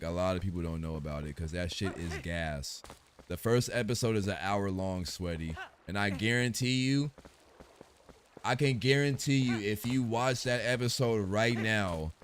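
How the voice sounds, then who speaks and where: A young man streaming, chatting casually in a rambling, slangy way full of fillers. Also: lowish voice.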